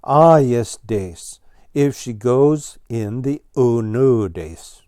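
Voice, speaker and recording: A man voicing a patient male ground squirrel who teaches, speaking in a calm, matter-of-fact way in a read-aloud storybook. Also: mid-range voice, extremely slow, clear, resonant tone, no room sound, studio quality.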